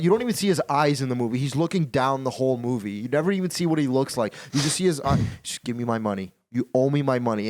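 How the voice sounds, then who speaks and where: A man hosting a casual podcast chat, talking in an animated, repetitive way and swearing freely. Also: mid-range voice. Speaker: podcast host.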